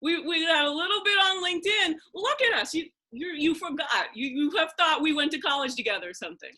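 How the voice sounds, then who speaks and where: A woman from Philadelphia hosting a casual video-call conversation, talking in an excitable rush full of restarts and asides. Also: sits high, fast. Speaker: host.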